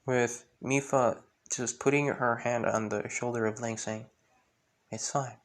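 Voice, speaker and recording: A man's voice: medium pitch, fairly even intonation, unhurried. A man retelling a fan story in a rambling way, full of fillers.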